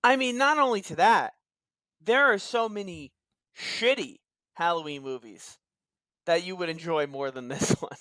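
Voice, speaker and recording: A man's voice: sits high, measured pace, pushed and bright, dry recording. A young adult man co-hosting a podcast, talking casually and with exasperation, swearing often. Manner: exasperated, swearing, laughing asides. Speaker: podcast co-host. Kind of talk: casual movie review chat.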